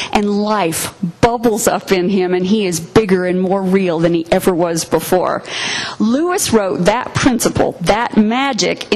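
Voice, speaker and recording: Woman preaching, earnest and expressive, reads a story aloud. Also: medium pitch, rough recording. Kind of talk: sermon with story reading.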